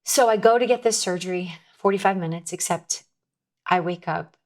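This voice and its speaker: A woman's voice: fairly low pitch, moderate pace. A woman guest in a conversation, telling her personal story in an earnest, emotional way, often restarting her sentences. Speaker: podcast guest.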